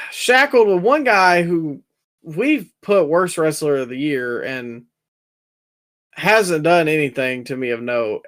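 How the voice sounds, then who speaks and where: A young man co-hosting a casual wrestling review podcast, talking in an animated, sarcastic way. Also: a little high. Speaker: podcast co-host.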